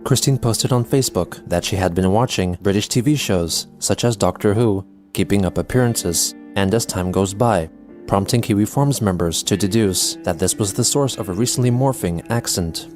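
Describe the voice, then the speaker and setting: A man reading a scripted documentary narration in an even, matter-of-fact way. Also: fairly low pitch, moderate pace, faint music behind.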